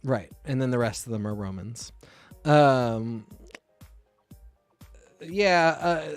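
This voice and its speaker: A man's voice: medium pitch, lively intonation, slow pace, smooth, no room sound, soft background music. A man co-hosting a casual comic book podcast, laid-back and laughing, with many fillers. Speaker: podcast co-host. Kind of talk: casual chat.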